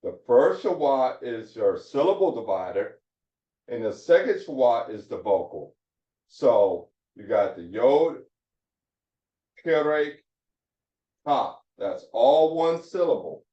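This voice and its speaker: A man teaching a Hebrew phonics lesson, slowly repeating and drilling each syllable. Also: medium pitch, sing-song. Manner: slow, repetitive drilling of syllables. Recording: roomy, distant, dull lo-fi sound.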